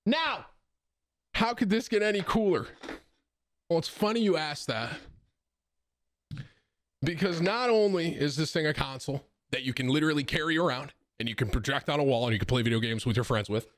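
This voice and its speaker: A young adult man excitedly unboxing a console in a casual streamer chat, tossing in "bro" and "okay?" as he shows off each part. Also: on the high side, brisk, long pauses. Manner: excitable, says "bro" a lot. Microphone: studio desk microphone.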